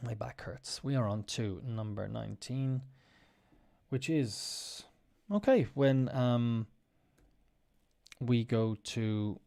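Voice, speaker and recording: A man with a mellow, warm, relaxed voice hosts a casual English lesson. He walks through everyday phrases patiently and repeats each example with marked intonation. His voice sits at an ordinary middle pitch. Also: slow, gravelly, pauses often. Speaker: English teacher; podcast host.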